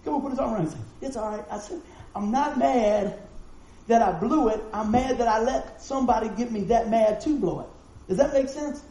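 A man's voice: very high-pitched, fairly quick, warm tone, roomy sound, poor audio. A man, a pastor preaching a conversational sermon full of rhetorical questions to his congregation. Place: church hall with congregation. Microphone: live stream mic.

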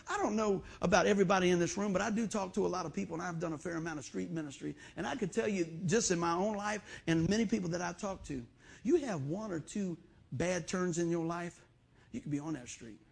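A middle-aged man preaching a sermon as pastor, in a folksy, animated storytelling way. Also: sits high, fast talker, creaky, breathy edge.

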